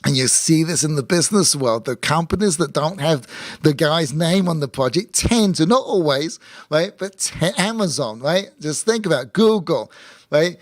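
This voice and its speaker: A man teaching a Torah class as a rabbi, lively and acting out quick imagined conversations, often asking "right?". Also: a little high, no room sound, studio quality. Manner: animated, acts out imagined dialogue, many "right?" tags.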